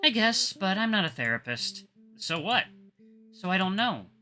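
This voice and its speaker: Guy putting on a cold distant young woman, short clipped answers, pitched up a lot, faint guitar underneath. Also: big pitch swings, normal speed, bright, forceful tone, exaggerated voice. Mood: curt.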